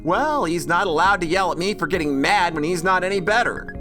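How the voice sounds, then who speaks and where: A woman's voice: fairly low pitch, lively intonation, a little fast, close to an everyday voice. A woman voicing a hotheaded, defiant teenage girl in a game. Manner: defiant, blunt. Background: game music.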